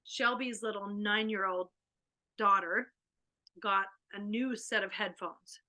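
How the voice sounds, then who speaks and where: A woman hosting an online workshop, telling a family story in a lively way over a video call. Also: medium pitch, slow pace. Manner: animated, acts out a child's panic. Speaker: workshop host.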